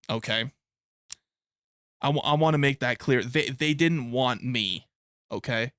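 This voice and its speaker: A man's voice: medium pitch, dry recording, studio quality. A young adult man chatting casually on a live stream, rambling and swearing, often breaking into laughter. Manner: rambling, profane, laughs a lot.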